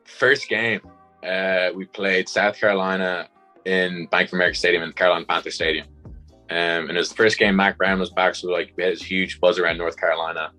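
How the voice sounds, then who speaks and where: Young man, Dublin accent, very low pitch, bright tone, rambling casual chat, faint music behind. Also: poor audio. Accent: Dublin Irish. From Ireland. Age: young adult. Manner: rambling, many "like" and "um" fillers. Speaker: guest, college punter.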